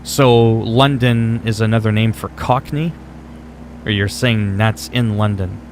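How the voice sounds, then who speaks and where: A man's voice: fairly low pitch, a little slow, darkish tone, a little hiss or hum. A man streaming a game live, chatting casually as he plays, answering his chat with wry asides and the odd curse. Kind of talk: casual live gameplay commentary.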